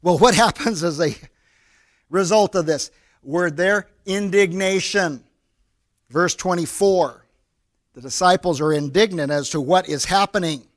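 A man's voice: high voice, unhurried. A man with an American accent, a pastor preaching a sermon in a conversational way and acting out little scenes in quoted voices.

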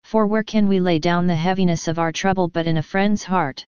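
A woman voicing a grieving Malay man who speaks low, calm and composed. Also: fairly quick, smooth, no room sound, lo-fi sound, natural voice. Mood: quiet mournful.

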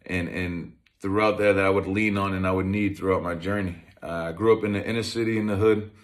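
A man's voice: sits low, fairly even intonation, fairly quick. A man in his thirties, a former pro football player, telling his life story in a conversational way, with many restarts. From Massachusetts, USA. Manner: conversational, with frequent restarts and fillers. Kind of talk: personal storytelling talk.

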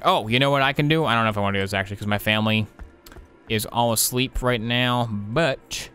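Fast-talking young male game streamer. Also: medium pitch, pushed and bright, faint music behind. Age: young adult. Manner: rambling, joking storyteller. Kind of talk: casual chat while playing. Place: home, early morning with family asleep.

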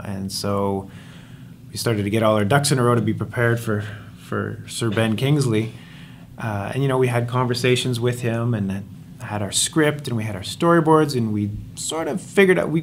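Low-voiced male director, relaxed chat. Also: a little hiss or hum. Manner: relaxed, enthusiastic, repeats words when starting sentences. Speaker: film director. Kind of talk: casual interview talk.

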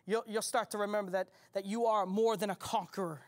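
A man's voice: high-pitched, steady tone, brisk. A male pastor preaching a sermon, repeating his key lines with rising emphasis and turning to ask the congregation questions. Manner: conversational, asks the congregation questions.

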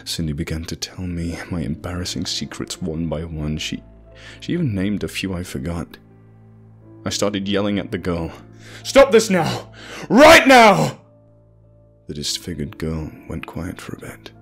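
A man narrating a scripted first-person horror story in a measured, grim way. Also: low voice, steady tone, breathy edge, faint music behind.

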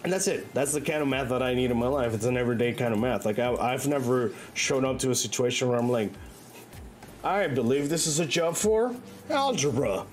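A man streams a game and chats loosely with viewers, swearing freely and rambling with frequent restarts and fillers. His mid-range voice moves at a quick pace with few pauses, over faint background music.

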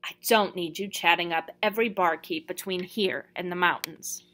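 A woman's voice: lowish voice, normal speed, pushed and bright, a little hiss or hum. A woman reading the lines of a stern, short-tempered older male magus who snaps curt orders.

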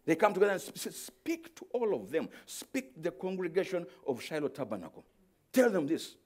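Male preacher, slightly high voice, wide swings from hushed teaching to shouted exclamation, repeats words mid-thought. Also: big pitch swings. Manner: swings from quiet explaining to shouted, drawn-out exclamations; repeats words when searching for them. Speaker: pastor. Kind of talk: sermon.

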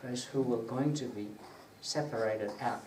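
Preaching at a measured pace, a man with a medium-pitched, darkish voice teaches a small group in a prayer gathering room. He keeps it conversational, quizzes those listening and gets louder when reciting scripture. The audio is echoey and faintly hissy from a distant mic.

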